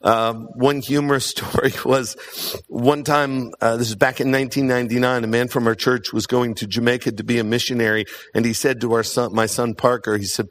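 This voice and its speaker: A man's voice: medium pitch, fairly even intonation, a little fast. Earnest man preaching with emphatic repetition. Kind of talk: sermon.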